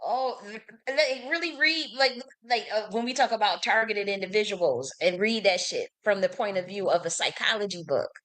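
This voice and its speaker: A woman's voice: mid-range voice, animated, normal speed, fairly bright tone. A woman hosting a live stream, talking in a casual, profane and emphatic way and breaking off to read verses aloud. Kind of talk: casual livestream monologue. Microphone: streaming setup.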